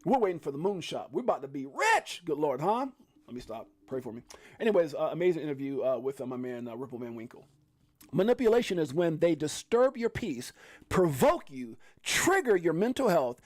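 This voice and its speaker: An excitable man chats loosely on a livestream. His high voice swings widely in pitch, and he trails off into fillers and laughter. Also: fairly quick. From Brooklyn, New York. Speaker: crypto livestream host. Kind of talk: casual livestream commentary.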